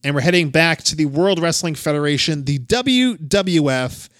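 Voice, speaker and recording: A casual man hosting a podcast, talking in a loose, chatty way and laughing as he goes. His voice sits a touch high. The sound is dry and close. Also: normal speed, a bit bright, no echo. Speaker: podcast host. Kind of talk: casual chat.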